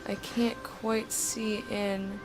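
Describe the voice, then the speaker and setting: A young woman casually commenting while playing a video game, chatty and thinking aloud, with sudden bursts of excitement. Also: mid-range voice, drawn-out words, over music. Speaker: let's play streamer.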